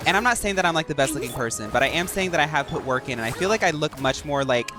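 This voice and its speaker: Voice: medium pitch, animated, fast, music in the background. A young adult streamer chatting casually and rambling with lots of fillers while gaming.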